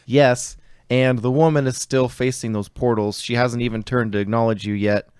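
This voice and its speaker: A man's voice: medium pitch, fairly even intonation, normal speed, darkish tone, smooth, no room sound, low-quality recording. Casual man running a tabletop game. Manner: explanatory, casual, says "you know" a lot. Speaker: game master.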